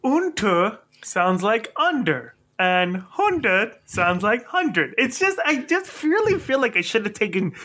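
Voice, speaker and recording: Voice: mid-range voice, big pitch swings, takes it slowly, hardly any pauses, a bit bright. A playful speaker in casual chat who laughs easily and tries out foreign phrases with exaggerated delivery.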